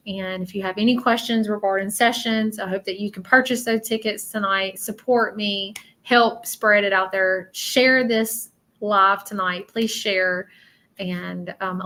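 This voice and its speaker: A woman hosting a casual live stream, talking softly and haltingly with many fillers as she gives readings to viewers. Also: medium pitch. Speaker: psychic medium livestreamer.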